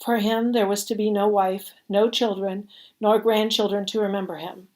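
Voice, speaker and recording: Brief: woman storyteller, mid-pitched, expressive and steady read-aloud. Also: normal speed. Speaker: reader. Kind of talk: reading a story aloud at a service.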